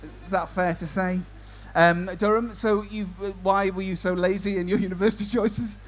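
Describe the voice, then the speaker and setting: A man's voice: sits high, steady tone, normal speed. A man compering a stand-up comedy show, doing cheeky banter with the audience. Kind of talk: crowd work stand-up.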